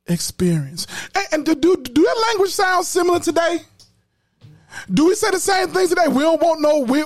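Man, podcast host, emphatic preacherly commentary, lively high voice, dry sound. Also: no room sound. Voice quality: emphatic, preacherly, repeats words. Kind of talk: casual commentary.

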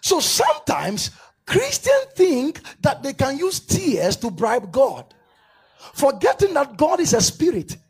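A man's voice: very high-pitched, slow pace. A male preacher giving a live sermon at a church service, directing volunteers and leading fervent prayer. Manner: animated, rising to fervent shouted prayer. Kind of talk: live sermon with a staged demonstration. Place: church service before a congregation.

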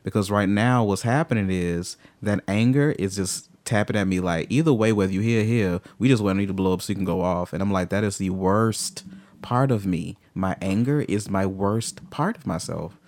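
Emphatic, deep-ish man, swears freely, dry sound, candid podcast talk. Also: normal speed, no room sound. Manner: emphatic, swings from low and brooding to loud and fired up. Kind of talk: candid conversation.

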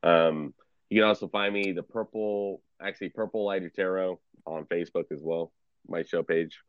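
A low-voiced man chatting on a video stream, relaxed and mocking, with swearing in nearly every sentence. The audio is dry and dull, like cheap webcam sound. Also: normal speed, no room sound. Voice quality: heavy swearing, laid-back, teasing. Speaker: streamer and tarot card reader. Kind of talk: casual video chat banter.

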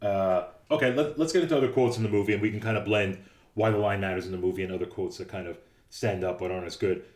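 A man's voice: fairly low pitch, fast talker, reverberant. A man co-hosting a casual chat about a film, telling stories and acting out quotes. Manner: animated storyteller, acts out quotes. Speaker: podcast co-host.

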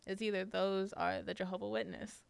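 A woman's voice: mid-range voice, flat delivery, a little fast, gravelly, smooth, dry recording. A young woman hosting a podcast, telling a personal story in a casual, chatty way with lots of fillers. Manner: chatty, many fillers, laughs often. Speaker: podcast host.

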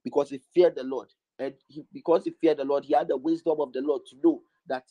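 A man's voice: a little high, fairly even intonation, fast, few pauses, warm tone, dry recording, low-quality recording. A man preaching a sermon, stressing his points by repeating lines over and over.

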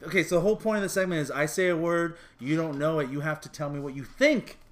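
A man's voice: fairly high pitch, fast talker. Joking man hosting a podcast. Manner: loose, joking, laughs often. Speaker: podcast host. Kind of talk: casual comedic chat.

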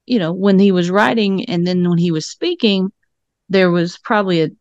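A woman's voice: lowish voice, moderate pace, a little mellow, dry recording, muffled recording. A woman with a Southern accent co-hosting a casual discussion, chatty and loose, dropping the ends of words. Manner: chatty, loose, drops word endings. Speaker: co-host.

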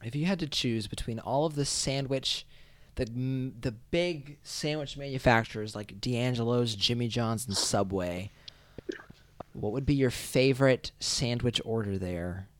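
A young man chatting casually on a voice call, loud, teasing and swearing often, laughing easily. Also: mid-range voice, unhurried, dry recording. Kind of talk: casual chat.

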